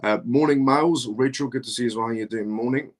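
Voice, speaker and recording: A man's voice: medium pitch, quick pace. A man hosting a live stream, reading out viewer comments and answering questions in a casual, repetitive conversational way.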